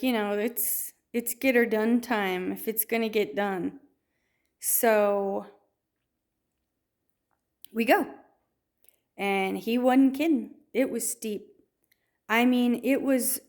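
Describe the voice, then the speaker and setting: Slow-talking woman telling a story. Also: fairly high pitch, a little mellow. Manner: storytelling with many restarts and fillers. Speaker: testimony speaker. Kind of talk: personal faith testimony.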